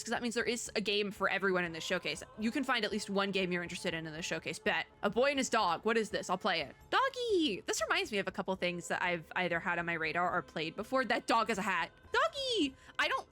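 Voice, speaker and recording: Bright-voiced woman streamer, chatty. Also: mid-range voice. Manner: chatty and rambling, lots of "like" and self-corrections. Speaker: VTuber streamer. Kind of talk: casual game-showcase reaction commentary.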